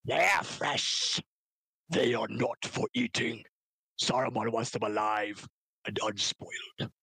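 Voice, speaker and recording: A man's voice: medium pitch, expressive, takes it slowly, creaky, sharp tone, husky, no room sound, full character voice. A man doing an impression of a snarling, hungry male orc soldier from a fantasy film.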